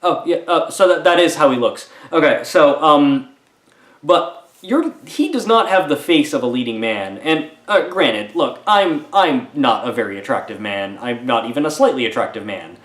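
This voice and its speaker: A man at an ordinary middle pitch tears into a film in a mocking, sarcastic review. He rambles and leans on filler words as he goes, and his voice carries a noticeable roomy echo. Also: lively intonation, normal speed, fairly bright tone. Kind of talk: comedic movie review.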